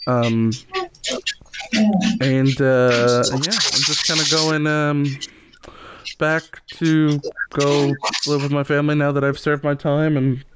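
A man's voice: on the high side, flat delivery, slow pace, noisy background. A man voicing a tall, slender male elf who is friendly and stumbles over his words. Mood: hesitant.

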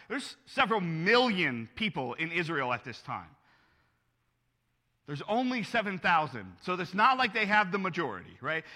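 A man's voice: on the high side, sharp tone, long reverb tail. A man preaching a sermon as pastor, earnest and conversational, asking his listeners rhetorical questions.

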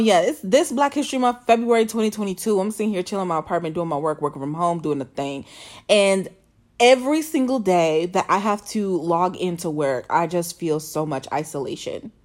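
A woman's voice: mid-range voice, darkish tone. Candid, laughing woman podcaster. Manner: candid, profane, laughs often. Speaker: podcast host. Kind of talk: casual solo podcast monologue. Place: apartment bedroom, working from home.

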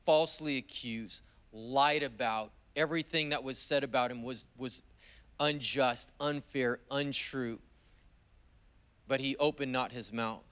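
Pastor preaching a slow, emphatic sermon. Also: male voice, mid-range voice, a bit bright, smooth. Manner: storytelling, vivid retelling.

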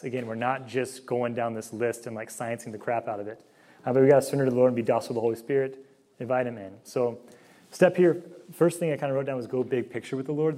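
A man speaks quickly at a middle pitch, giving a faith formation talk. He keeps it conversational, tossing in fillers and asides and acting out little bits of dialogue. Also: a little mellow. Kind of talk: casual sermon-style talk.

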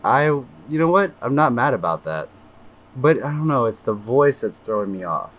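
A man's voice: mid-range voice, sing-song, normal speed, a bit bright. A man co-hosting a podcast in easygoing, agreeable casual chat with loose fillers. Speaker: podcast co-host.

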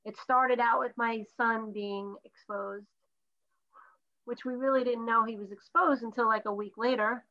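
A stuffy, tired woman chatting on a video call, her voice sitting a little high. She tells her story in a rambling way, restarting sentences as she goes. The sound is dull and lo-fi, like call audio. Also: fairly even intonation, measured pace, pushed and bright. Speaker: podcast co-host. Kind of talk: casual chat over video call.

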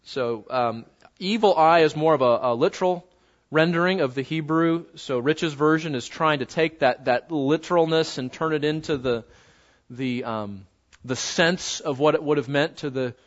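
A man preaching a sermon in a conversational, animated way, slowing down to stress key words. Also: on the high side. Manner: conversational, animated, slows down for emphasis. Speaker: pastor. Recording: dull lo-fi sound.

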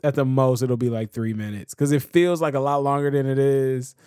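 Man telling a lively story. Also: medium pitch, a little fast, clean tone, dry recording, clean studio sound. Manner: storytelling, acts out voices, laughs often. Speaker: podcast co-host; father of a toddler. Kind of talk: casual chat.

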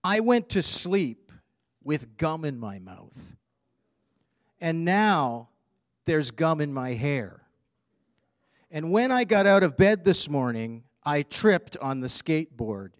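A man's voice: fairly high pitch, very animated, takes it slowly, pauses often, no echo, studio quality, pitched above the performer's own voice. A man voicing a grumpy young boy who complains about his bad day, reading a storybook aloud.

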